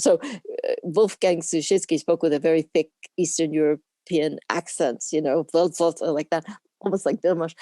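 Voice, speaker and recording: An older woman chatting through her recollections in an interview, laughing as she goes. Her voice sits low and mellow. The sound is dry, with no room around it. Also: fairly quick, no room sound. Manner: chatty, rambling, laughs often. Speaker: interview guest, camera assistant.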